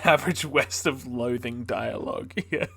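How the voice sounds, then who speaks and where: A man's voice: medium pitch, normal speed, creaky, pushed and bright, breathy edge, no echo. A man streaming from home who chats casually and laughs at his own jokes, with a non-American English accent, into a streaming mic. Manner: laughing, chatty, self-amused. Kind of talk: casual chat.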